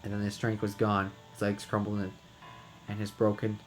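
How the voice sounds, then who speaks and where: Low-voiced man reading a game aloud. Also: monotone, normal speed, over music. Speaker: game reader and narrator. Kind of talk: reading a visual novel aloud.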